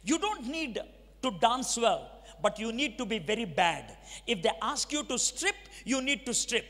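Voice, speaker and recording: High-voiced Telugu-accented preacher, echoing hall. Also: male voice, very animated, moderate pace, pushed and bright. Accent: Telugu-accented Indian English. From Andhra Pradesh, India. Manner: storytelling, acts out dialogue, asks the audience questions. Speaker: preacher giving his testimony. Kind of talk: dramatic testimony sermon. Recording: long reverb of a large hall.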